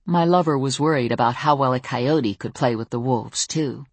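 A woman's voice: rumbling low, normal speed, breathy edge, no echo. A woman narrating a first-person novel in a wry, conversational way. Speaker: audiobook narrator.

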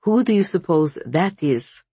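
A fierce, stubborn young heroine from a storybook, determined and slow-spoken, as a woman narrator reads her. Dry and close. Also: fairly low pitch, expressive, dark tone, breathy edge, dry recording.

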